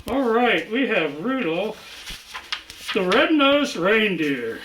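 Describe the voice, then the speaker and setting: A woman's voice: mid-range voice, big pitch swings, very slow, a bit bright, reverberant, slight background noise, full character voice, low-quality recording. A woman playing a jolly old Santa Claus who reads a picture book aloud to children. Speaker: guest storyteller.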